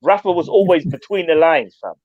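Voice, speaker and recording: A man's voice: a little high, brisk, no echo. A man co-hosting a fan show, chatting casually with slang and frequent laughter. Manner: animated, laughs a lot, slangy. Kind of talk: casual football banter. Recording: dull dry sound.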